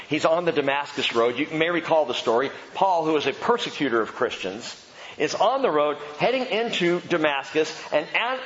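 A man preaching a sermon as pastor, animated and dramatic, acting out the voices he quotes. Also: medium pitch. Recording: dull lo-fi sound, long hall reverb.

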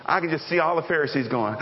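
A pastor preaching a lively, joking sermon and calling out to the congregation. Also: male voice, fairly high pitch. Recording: echoey hall, dull lo-fi sound.

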